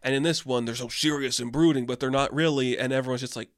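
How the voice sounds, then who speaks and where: A man hosting a podcast, talking through a film in a loose, rambling way with strong opinions. His voice sits at an ordinary pitch, and the close mic leaves it dry, with no room sound. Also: fairly even intonation, quick pace, dry recording. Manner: rambling and opinionated, many fillers. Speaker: podcast host. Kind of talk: casual film review monologue.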